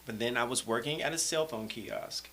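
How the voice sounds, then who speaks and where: A man in his thirties from Alabama, a guest telling stories in a casual interview, relaxed and rambling with plenty of fillers. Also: medium pitch, moderate pace, slight background noise, low-quality recording.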